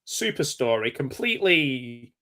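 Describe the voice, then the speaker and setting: Hosting a loose live chat about films, an English man thinks out loud in a rambling, hesitant manner, full of "um"s, fillers and restarted sentences. He speaks unhurriedly at medium pitch, with big pitch swings and a bright, forward tone.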